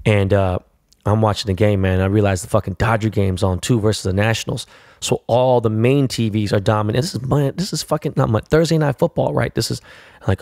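Profane, low-voiced man. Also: a little fast, no room sound, studio quality. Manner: profane, rambling, animated storyteller. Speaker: podcast host. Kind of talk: casual solo storytelling.

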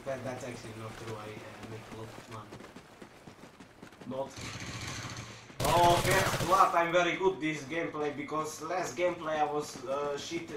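A teenage boy with a fairly high voice hosts a casual gaming video at a moderate pace, goofing around, joking, swearing, and laughing often. The recording sounds roomy, with a distant mic and a noisy background.

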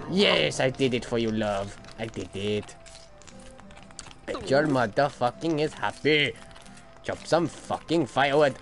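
A man giving gaming commentary as he plays, swearing, laughing and shouting no over and over. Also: medium pitch, animated, measured pace, gravelly. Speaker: let's play gamer. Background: game music.

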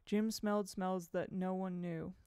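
A woman narrating an audiobook in a measured, expressive reading at a home microphone. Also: lowish voice, smooth, no room sound.

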